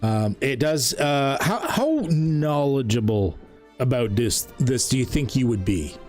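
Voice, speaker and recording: A man's voice: mid-range voice, sing-song, measured pace, a little mellow, faint music behind. A man from Canada narrating as game master in a tabletop game, rambling with many fillers and restarts.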